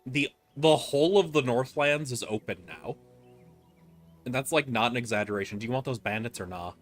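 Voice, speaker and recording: A man's voice: mid-range voice, brisk, faint music behind. Patient man guiding a co-op game. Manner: patient, explains game mechanics step by step. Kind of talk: casual gameplay chat.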